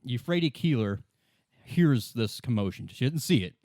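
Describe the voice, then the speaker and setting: Male podcast host, casual and rambling, laughs a lot, mid-pitched, dry sound. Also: expressive, a little mellow, no echo. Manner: rambling, laughing, acts out characters in quick voices. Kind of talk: casual retelling of a novel.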